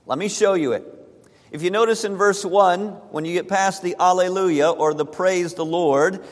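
A man's voice: high voice, moderate pace. A man preaching a sermon to his congregation, emphatic and repeating key phrases for stress. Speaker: pastor. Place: church sanctuary. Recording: church hall reverb.

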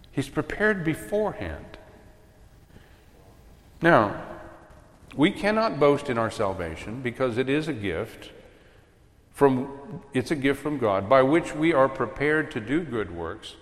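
A man preaching a sermon with emphatic swings between loud and soft. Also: medium pitch. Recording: long hall reverb.

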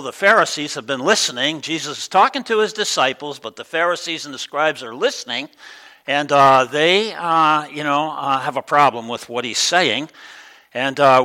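A middle-aged man preaching a sermon in a relaxed, conversational way, with many ums and uhs. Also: a little high, rough recording. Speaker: pastor.

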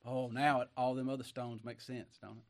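A middle-aged man with a drawl delivers a homespun sermon. His voice sits at an ordinary mid pitch. He swings from ringing declamation to near-hushed asides. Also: flat delivery, fairly quick. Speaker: preacher.

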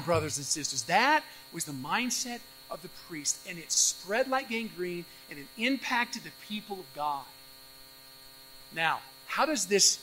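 A male pastor preaching an expository sermon, animated, acting out the voices of doubters with sudden jumps in pitch and loudness. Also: a little hiss or hum, low-quality recording.

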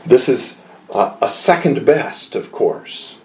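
A man teaching a Bible lesson in a measured, deliberate way, pausing often with small fillers and leaning into the verses he quotes. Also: mid-range voice, lively intonation, darkish tone. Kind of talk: slow expository Bible lesson.

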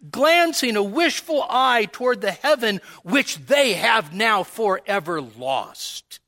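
High, bright-voiced preacher reading dramatically. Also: male voice. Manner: dramatic, solemn reading of old-fashioned sermon prose. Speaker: pastor. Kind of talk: sermon. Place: church service.

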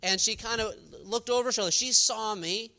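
Bright, clear-voiced man preaching. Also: sits high, fairly quick. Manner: conversational storytelling with frequent fillers; earnest, rising to emphatic preaching. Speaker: pastor. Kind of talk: sermon.

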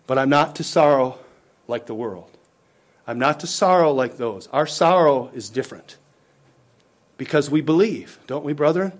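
Impassioned preacher with a high voice. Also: male voice, expressive, normal speed, pauses often. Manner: impassioned, rising and dropping to near-whispered lows; calls out questions to the congregation. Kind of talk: sermon.

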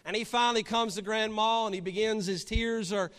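A man with a high voice preaches a sermon, moving from gentle storytelling to fervent, emphatic appeals. His words ring out with a long hall reverb, as if from a church pulpit. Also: fairly even intonation, fairly quick, clean tone. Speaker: pastor.

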